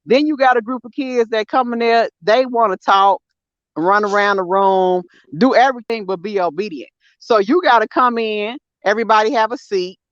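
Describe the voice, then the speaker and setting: A woman's voice: medium pitch, normal speed, no room sound. A woman, co-hosting a casual podcast chat, talking bluntly and emphatically with plenty of slang. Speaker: podcast co-host. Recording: dry, slightly dull sound.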